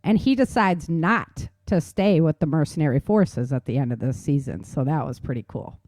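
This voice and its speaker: An upbeat, chatty woman hosts a podcast, her talk bright with laughter and quick rises in pitch. She is recorded close on a dry mic with almost no room sound. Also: no echo. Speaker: podcast host. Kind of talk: casual chat.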